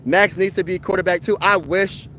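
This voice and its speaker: Young man, high voice, slangy sports talk host, faint background hum. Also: moderate pace, rough recording. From Pennsylvania. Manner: slangy, animated, rhetorical questions. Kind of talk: casual live chat reading viewer comments.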